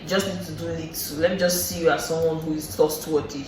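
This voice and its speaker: A man's voice: on the high side, flat delivery, fast talker. A young man with a Nigerian accent, a guest talking earnestly in a casual chat and laying out his points as lists. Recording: very echoey room, voice from far off, noisy background.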